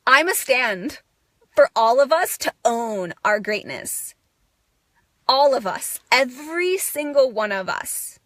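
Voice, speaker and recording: A woman's voice: a little high, animated, measured pace, a bit bright, no echo, clean studio sound. A young woman giving a raw, emotional self-help monologue, intense and swearing, breaking into bursts of laughter. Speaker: spiritual speaker.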